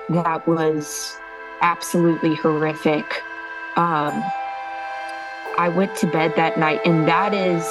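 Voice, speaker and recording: A young woman crying as she tells a painful personal story, halting and restarting often. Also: fairly low pitch, low-quality recording. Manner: tearful, halting, many ums and restarts. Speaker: interview guest telling her story. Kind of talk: emotional personal account.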